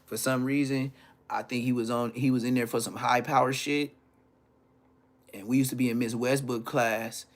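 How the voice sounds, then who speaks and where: A man telling profane, animated stories from his school days on a casual livestream, laughing as he goes. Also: medium pitch, moderate pace. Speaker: livestream host. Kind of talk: casual storytelling.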